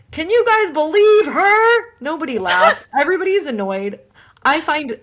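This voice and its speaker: Young woman, podcast co-host, animated storyteller, laughs a lot, quotes people. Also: fairly high pitch. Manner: animated, laughing, quoting others. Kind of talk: casual storytelling.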